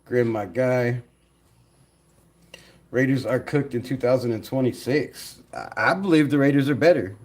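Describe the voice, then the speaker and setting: Man, live stream host, casual commentary, animated, chatty. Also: medium pitch, unhurried, pauses often. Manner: animated, talks to chat, laughs often.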